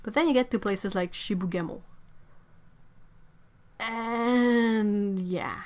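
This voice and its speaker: A woman with as her chats on her art stream, reading and answering viewers' questions. She sounds playful and loose, laughs often and trips over words now and then, at an ordinary pitch. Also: slow, pauses often, darkish tone. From Quebec, Canada. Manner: chatty and playful, with frequent laughs and self-corrections. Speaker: artist livestreaming. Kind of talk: casual livestream chat answering viewers.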